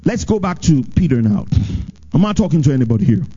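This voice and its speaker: A man preaching a sermon as pastor, with animated delivery that swings from high emphatic lines to low, drawn-out ones. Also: breathy edge, muffled recording.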